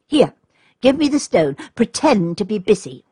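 A woman's voice: mid-range voice, very animated, normal speed, mellow, husky, dry recording, studio quality. A woman voicing a cheeky, mysterious boy giving instructions in a storybook reading. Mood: playful.

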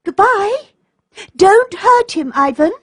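A woman voicing Princess Olga, an eager, excitable young girl, in a storybook reading. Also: sits high, slow pace, no echo, clean studio sound, voice pushed up, heavily acted.

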